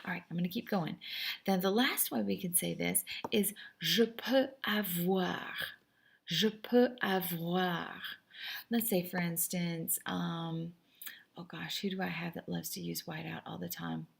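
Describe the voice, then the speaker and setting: Woman teacher, chatty and encouraging, husky, a little gravelly, recorded lesson. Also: lowish voice, fairly even intonation, normal speed. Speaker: French teacher.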